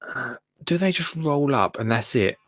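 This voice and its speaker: With lively intonation and a moderate pace, this young Essex-accented man runs a casual gardening phone-in stream from home, reading comments as they arrive. He's chatty, self-deprecating and full of fillers, his mid-range voice fairly bright, captured at studio quality with no room sound.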